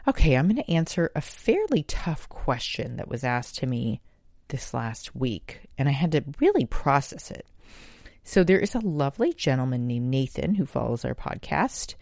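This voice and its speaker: A woman's voice: low-pitched, a little mellow, no echo, clean studio sound. A woman hosting a podcast, speaking in an earnest, emphatic monologue and swearing now and then for emphasis. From United States. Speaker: podcast host. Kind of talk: impassioned monologue.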